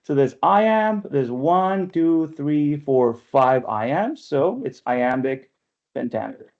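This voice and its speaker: A man's voice: a little high, expressive, slow pace, highs cut off. A man leading an online poetry workshop, talking in a chatty way and often checking in with "right?", heard over a video call. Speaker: workshop leader and press editor.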